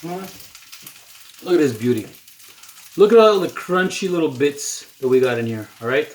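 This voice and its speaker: A man's voice: a little high, expressive, normal speed, distant mic. A man chatting to his viewers while he cooks at home, filling his talk with "you know". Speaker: home cook vlogger. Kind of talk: casual cooking video talk. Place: home kitchen. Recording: roomy kitchen sound, voice off-mic, loud sizzle. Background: food sizzling in a pan.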